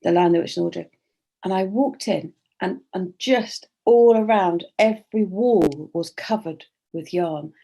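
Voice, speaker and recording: A woman's voice: mid-range voice, darkish tone. A woman hosting a casual craft livestream from home, chatting in a rambling, cheerful way over a video call. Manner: chatty, rambling, laughs often. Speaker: livestream host. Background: dog.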